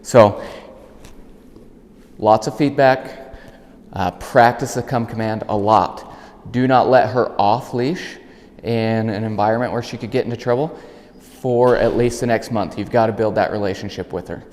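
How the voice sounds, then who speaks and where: A man working as a dog trainer, calmly explaining an outdoor training demonstration and breaking off to call and praise the dog. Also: a little slow, in a large hall. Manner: calm explaining, bursts of high praise calls to the dog.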